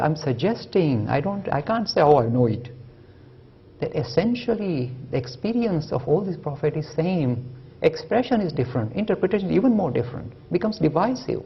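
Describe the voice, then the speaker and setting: A man's voice: sits high, sing-song, brisk, vocal fry, slightly rough, dull audio. A man giving a public lecture, storytelling with humor and emphatic delivery.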